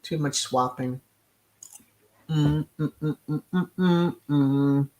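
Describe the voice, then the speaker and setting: Slow, sassy woman commentator. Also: low-pitched, warm tone, dull audio. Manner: sassy, chuckling, lots of hums and mm-hmms. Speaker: host of a royal commentary channel. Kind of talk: casual live-stream commentary reading chat.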